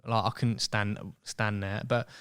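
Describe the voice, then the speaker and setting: A young man telling a story as a podcast guest in casual chat, animated and acting out voices. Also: fairly low pitch, unhurried, smooth. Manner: chatty, animated, acts out quoted voices.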